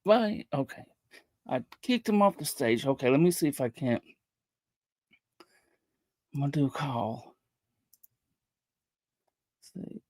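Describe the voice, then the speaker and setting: A man hosting a livestream, talking casually in a halting way, often repeating words and restarting his sentences. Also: medium pitch, sing-song, no room sound. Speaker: livestream host.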